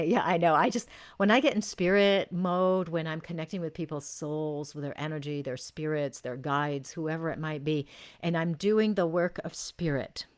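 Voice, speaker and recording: A woman hosting a live-stream soul reading for viewers, speaking in effusive, gushing praise and slowing into drawn-out phrases while she senses each person. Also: deep voice. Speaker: intuitive reader and show host.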